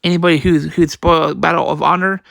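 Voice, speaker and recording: Speaking fast with vocal fry, this comic reader has a fairly high, slightly bright voice and fairly even intonation. He performs all the manga's characters and sound effects, frequently tripping over and repeating words. It's a clean studio recording without room sound.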